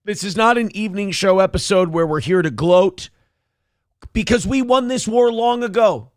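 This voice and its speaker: A man's voice: high voice, normal speed, dry recording. A man hosting a livestream, giving a sarcastic, boastful, mock-solemn monologue into a close studio mic. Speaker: radio host streaming.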